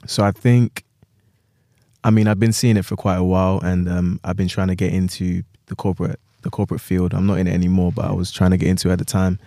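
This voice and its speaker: A man's voice: deep voice, level tone, fast talker, warm tone, no echo, clean studio sound. A young man from London with a London accent, chatting easily as a podcast guest. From London, England. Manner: laid-back, easygoing, uses London slang. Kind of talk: casual podcast chat.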